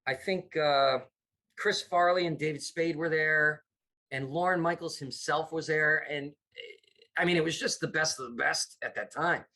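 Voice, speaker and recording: A man's voice: fairly high pitch, unhurried. A middle-aged man from the United States, a comedy producer telling stories in a casual interview, acting out the voices of people he quotes. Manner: animated, acts out quoted voices. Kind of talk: casual storytelling.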